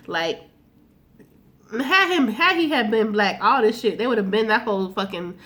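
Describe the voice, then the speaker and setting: A woman's voice: a little high, lively intonation, moderate pace, a bit bright. A woman recapping a TV episode in a loose, chatty way, with plenty of fillers, slang and swearing. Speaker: TV recap vlogger.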